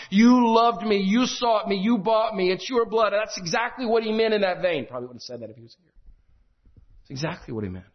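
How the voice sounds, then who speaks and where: A man's voice: a little high, dull audio. A man preaching a sermon in a small chapel, earnest and impassioned, often repeating his phrases.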